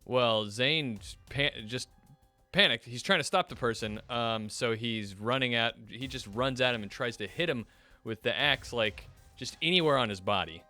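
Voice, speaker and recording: A man playing a tabletop role-playing game, describing his character's actions slowly and hesitantly. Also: mid-range voice, bright, forceful tone, faint music behind. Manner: slow, drawn out, hesitant. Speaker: player.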